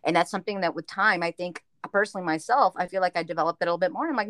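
A woman's voice: lowish voice, rapid-fire, hardly any pauses, a bit bright, no echo, clean studio sound. A blunt, outspoken woman talking in a casual chat.

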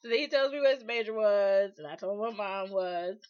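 A woman's voice: medium pitch, brisk. Woman co-host, casual storyteller, acts out dialogue, slightly lo-fi sound. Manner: animated, quotes both sides of a chat. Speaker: podcast co-host telling a story.

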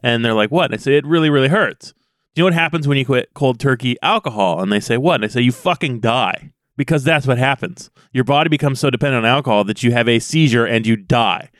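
A man's voice: mid-range voice, fast, a bit bright, no room sound, studio quality. A man co-hosting a casual podcast, joking and laughing often as he tells stories. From USA. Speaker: podcast co-host. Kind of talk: casual chat.

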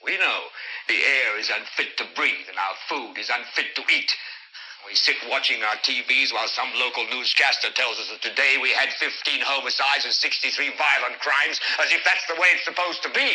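A man's voice: medium pitch, normal speed, pushed and bright, slightly rough, rough recording. An actor playing an enraged middle-aged male newsman, delivering an impassioned, building rant from a film clip. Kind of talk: dramatic film monologue.

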